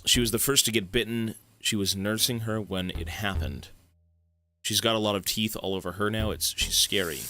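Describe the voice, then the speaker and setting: A man voicing a young boy who calmly describes teeth growing through his body, reading in a flat, matter-of-fact way. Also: fairly low pitch, normal speed. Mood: eerie calm.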